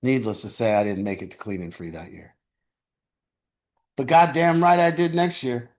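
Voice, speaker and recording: Speaking at a moderate pace in a mid-range voice, a middle-aged recovery group leader tells candid stories. His group sharing is laced with crude humor and laughter.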